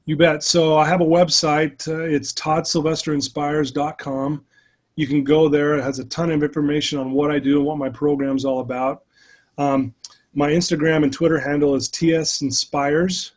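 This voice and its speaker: Animated middle-aged man telling his story. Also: on the high side, moderate pace. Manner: animated, many "you know" fillers. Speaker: interview guest, life coach. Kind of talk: casual storytelling.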